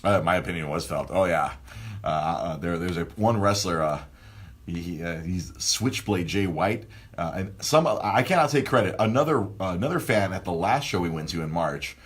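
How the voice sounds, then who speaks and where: A man hosting a casual podcast, telling a rambling, animated story full of restarts. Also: low voice, moderate pace, slightly rough. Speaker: podcast host.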